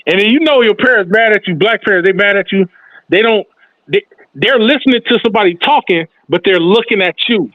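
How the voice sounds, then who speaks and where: A man with a high voice tells a story in a lively way and plays the other people's voices. The sound is tinny and dry, like a phone line. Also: fairly quick, dry recording. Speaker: podcast host. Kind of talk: casual storytelling.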